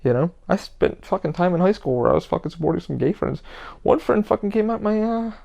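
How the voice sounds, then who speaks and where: Guy doing a solo podcast, gravelly voice, swears a lot, rambles and does his buddies' lines. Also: high-pitched, expressive, darkish tone. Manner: rambling, profane, quick to act out quoted friends. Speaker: podcast host. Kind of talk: casual solo podcast monologue.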